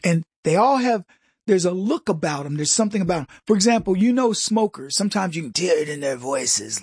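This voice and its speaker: A middle-aged man delivering a comedic political monologue, mocking and jokey, with quick asides and mimicked voices. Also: sits high, sing-song, darkish tone, husky, no echo, studio quality. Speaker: commentary host.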